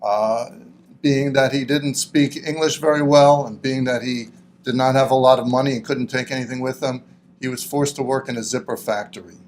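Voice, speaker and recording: A middle-aged man in an oral history interview, speaking reflectively and haltingly with frequent fillers. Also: medium pitch, steady tone, a little mellow.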